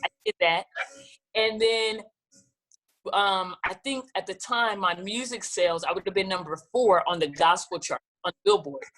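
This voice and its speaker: Woman guest singer, lively storyteller who slips into voices when quoting people. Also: mid-range voice, moderate pace. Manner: animated, acts out quoted dialogue. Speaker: gospel singer-songwriter guest. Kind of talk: casual storytelling interview.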